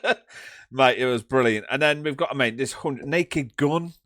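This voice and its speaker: A man hosting a casual chat, lively and swearing, calling on the others to speak. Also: medium pitch, moderate pace, no echo, clean studio sound.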